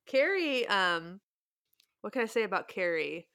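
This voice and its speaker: A woman in her thirties hosting a podcast, chatting casually with frequent laughs and quick asides. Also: mid-range voice, very animated, a bit bright, dry recording, clean studio sound. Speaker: podcast host. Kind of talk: casual chat.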